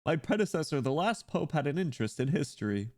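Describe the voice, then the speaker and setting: A man's voice: on the high side, big pitch swings, fast, a little mellow. A man reading aloud as a learned, wistful pope who speaks formally. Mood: reflective. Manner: formal, reflective storytelling.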